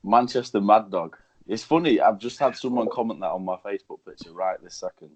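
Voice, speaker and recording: A man's voice: fairly low pitch, brisk. A man joining a podcast as a guest over a video call, laid-back and a bit hesitant. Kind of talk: casual chat.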